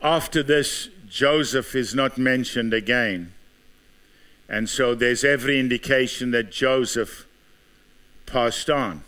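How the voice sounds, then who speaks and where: A man's voice: mid-range voice, takes it slowly, pushed and bright. A man with a South African accent preaching a sermon as pastor, building his points with repeated rhetorical questions.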